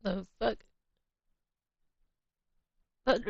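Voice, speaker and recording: An American woman chatting casually on a livestream while drawing, laughing easily, swearing bluntly, and sometimes dropping to a quiet mutter as she works. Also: fairly high pitch, animated, measured pace, long pauses, no room sound. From United States. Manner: drifts to quiet murmurs while working. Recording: muffled lo-fi stream audio.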